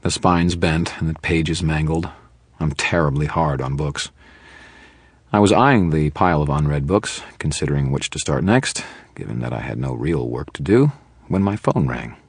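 A man reading a first-person audiobook narration in a wry, deadpan manner. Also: a bass voice, moderate pace, breathy edge, dry recording.

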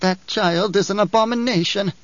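A grim, fearful old woman truth-sayer, as a male reader puts her on, her voice pitched well above his own and drawn out slowly. The audiobook recording is dry and a little dull. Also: fairly bright tone, no echo. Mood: condemning.

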